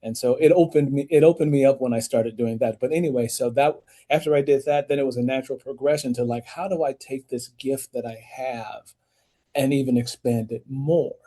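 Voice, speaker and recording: This is a man guesting on a podcast, an author and audiobook narrator telling his story. His voice is dark and mellow. He speaks in an animated way and pushes his pitch up to stress a point. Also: fairly quick. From United States. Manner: animated storyteller, rising emphatic pitch when making points.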